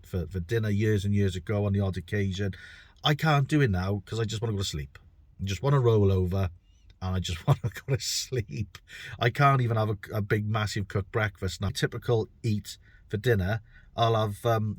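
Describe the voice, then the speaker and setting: A man's voice: lowish voice, no room sound. Chatty middle-aged British tradesman. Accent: British English. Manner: chatty, rambling, repeats words while thinking; self-deprecating. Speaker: bricklayer and podcast host. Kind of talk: casual podcast monologue.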